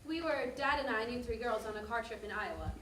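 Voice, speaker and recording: A woman's voice: fairly high pitch, expressive, fairly bright tone, a little hiss or hum. A woman playing a mother telling a family story. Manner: fast, detailed storytelling. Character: mother recalling a family trip, warm and detailed. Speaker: narrator. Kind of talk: stage monologue. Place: theater stage. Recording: echoey stage heard from a distance.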